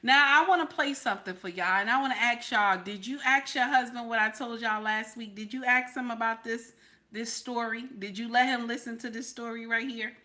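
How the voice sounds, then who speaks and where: A woman's voice: a little high, steady tone, brisk, pushed and bright. A woman hosting a live stream, preaching and sassy, repeating herself for emphasis. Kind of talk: casual live-stream commentary.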